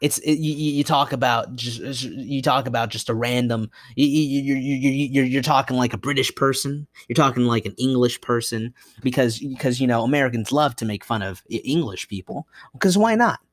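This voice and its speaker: A man's voice: medium pitch, normal speed, hardly any pauses, dry recording, studio quality. A young man hosting a solo podcast, rambling and self-mocking, with frequent restarts and asides. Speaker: podcast host.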